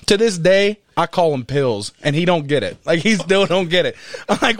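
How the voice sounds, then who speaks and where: A man's voice: high voice, moderate pace, no room sound, clean studio sound. A man in casual podcast chat, telling a story with lots of swearing and laughter. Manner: animated storyteller, swears freely, laughs often. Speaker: podcast co-host.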